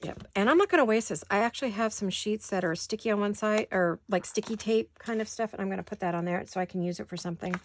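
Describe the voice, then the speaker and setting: Working in her home studio, a middle-aged craft video host talks at a quick pace in a mid-range voice with few pauses, over slight background noise. She chats through the tutorial, mutters little asides to herself, and keeps hiccuping.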